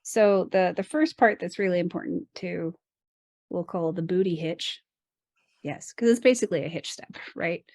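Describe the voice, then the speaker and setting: A woman's voice: fairly low pitch, normal speed, a little mellow, dry recording. A woman co-hosting a dance podcast, explaining partner technique in casual chat, laughing often and adding playful asides. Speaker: dance instructor co-host.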